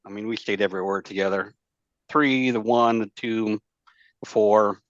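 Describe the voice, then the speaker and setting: A man's voice: on the low side, fairly even intonation, moderate pace, no room sound. A man telling war stories as a podcast guest, rambling and profane, with lots of fillers and restarts. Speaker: podcast guest, former Marine. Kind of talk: casual storytelling chat. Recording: dull lo-fi dry sound.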